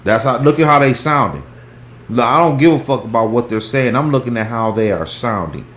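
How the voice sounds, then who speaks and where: Brief: male host, heated casual market talk, lively swooping delivery, cursing freely, recorded in an echoey room. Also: mid-range voice, brisk. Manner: animated, profane, swings from loud to hushed. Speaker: stock talk show host. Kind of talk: heated casual stock chat.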